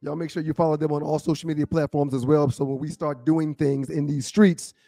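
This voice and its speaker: A man co-hosting a talk show, telling an animated story in casual chat. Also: a little high, brisk, creaky, dry recording. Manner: animated storyteller, acts out other people's voices. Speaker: co-host.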